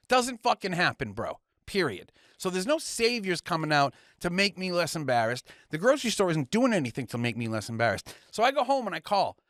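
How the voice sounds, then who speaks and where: A man's voice: high-pitched, a bit bright, no echo, clean studio sound. A man, co-hosting a podcast, ranting heatedly and swearing a lot as he tells a story. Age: young adult. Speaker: podcast co-host. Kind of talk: casual ranting chat.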